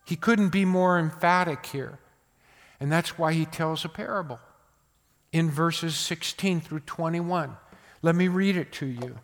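An older man preaching a sermon as pastor, emphatic, swinging between loud bursts and hushed asides. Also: fairly high pitch, unhurried, in a large hall.

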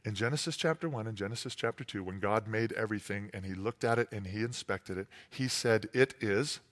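A man's voice: on the low side, fairly quick. A man preaching a sermon as a pastor, conversational and storytelling, with playful asides. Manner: lively storytelling with playful character voices; conversational, uses fillers like "like" and "you know".

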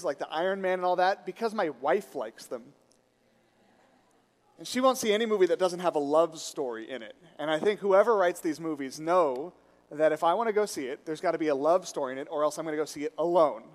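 Guy preaching in a church, high voice, big echo off the walls. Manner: animated storytelling, rising to loud emphasis. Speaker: pastor. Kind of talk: sermon. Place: church sanctuary. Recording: reverberant hall.

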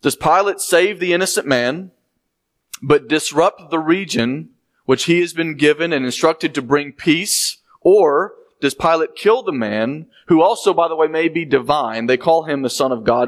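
A man teaching through a Bible passage verse by verse, explaining and emphasizing points, at times acting out the quoted speakers. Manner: explanatory, emphatic, acts out quoted speech with rising pitch.

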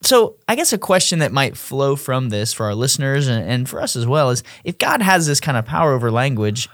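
Mid-pitched male co-host posing questions. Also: very animated, brisk, no echo, studio quality. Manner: attentive, frequent murmured agreement. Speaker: podcast co-host asking questions. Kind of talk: conversational Bible study discussion.

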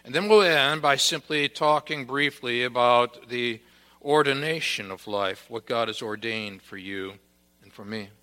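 Slow, bright-voiced man preaching. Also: medium pitch, long reverb tail. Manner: deliberate, emphatic preaching with stressed repeated words. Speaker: pastor. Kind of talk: sermon.

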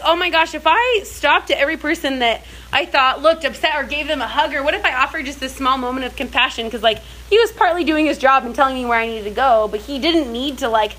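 A woman's voice: sits high, pushed and bright, slight background noise, poor audio. A young woman telling personal stories in a casual faith talk, chatty and full of filler words and restarts. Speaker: speaker in a church series.

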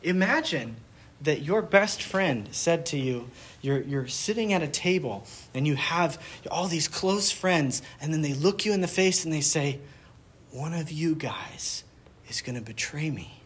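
A man's voice: on the high side, expressive, measured pace, fairly bright tone, husky. A man leading a Bible study group, teaching in a casual, conversational way, asking the group questions and retelling scenes.

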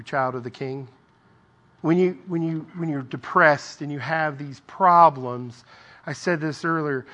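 A man's voice: high-pitched, sharp tone. A man giving an informal Bible devotional, reading scripture aloud and breaking off for conversational asides. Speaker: lay preacher.

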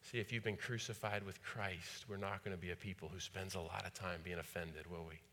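Bright-voiced male pastor preaching. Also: deep voice, steady tone, brisk. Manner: repetitive, rhetorical questions to the congregation. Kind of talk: sermon. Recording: long hall reverb.

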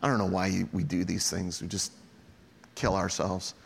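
A middle-aged man, a pastor preaching a sermon, telling stories to the congregation in a lively way and often calling them guys. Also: low-pitched, normal speed, vocal fry, long reverb tail. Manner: storytelling, animated, addresses the congregation as guys.

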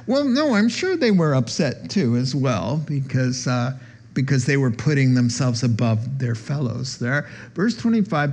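A man's voice: big pitch swings, measured pace, a little mellow, slightly rough. A man preaching a sermon in a conversational way, acting out the voices of the people he quotes. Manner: conversational, acts out quoted voices with rising pitch. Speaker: pastor. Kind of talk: sermon teaching.

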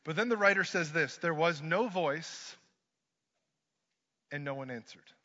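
Bright-voiced man preaching a sermon. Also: a little high, unhurried. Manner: dramatic swings from hushed to loud, joking asides. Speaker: pastor. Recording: dull lo-fi sermon recording.

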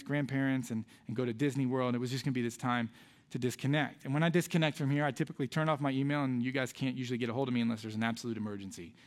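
Earnest Midwestern pastor preaching. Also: male voice, medium pitch. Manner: earnest, conversational storytelling with emotional dips to soft quiet lines. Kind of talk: sermon with personal story. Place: church sanctuary.

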